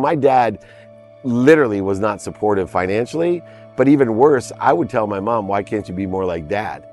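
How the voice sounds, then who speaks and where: Low-voiced man telling a heartfelt story. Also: darkish tone. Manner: emphatic, heartfelt storyteller who stresses key words. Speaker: interview guest. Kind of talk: personal storytelling in a podcast interview.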